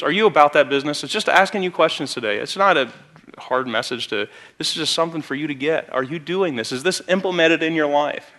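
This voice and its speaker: A youth pastor with a bright, forceful voice that sits a little higher than most men's. He delivers a sermon in a church, chatting through a story and then lifting into emphatic bursts. His speech carries a Midwestern American accent. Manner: conversational storytelling with sudden emphatic rises. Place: church sanctuary.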